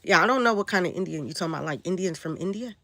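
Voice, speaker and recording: Gravelly woman rambling on a livestream. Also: lowish voice, lively intonation, very fast, bright, forceful tone, no echo. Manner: rambling, answers viewer comments. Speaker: spiritual livestream host. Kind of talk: casual livestream talk.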